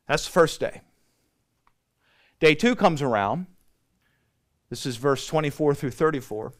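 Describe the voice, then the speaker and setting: A man's voice: medium pitch, a bit bright, clear, resonant tone. Male pastor, middle-aged, resonant clean voice, chatty storyteller who acts out the dialogue. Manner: conversational storytelling with acted-out dialogue. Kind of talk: Bible study teaching.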